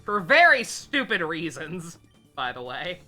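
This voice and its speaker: Low-voiced, bright woman streamer rambling. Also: sing-song, unhurried, faint music behind. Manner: rambling and profane, with frequent fillers and laughs. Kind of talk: casual live gameplay commentary.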